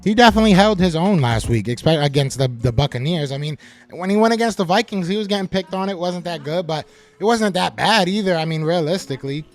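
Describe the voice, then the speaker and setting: A man hosting a live sports podcast, reading chat comments aloud and answering them with animated trash talk. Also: sits high, a little fast, soft background music.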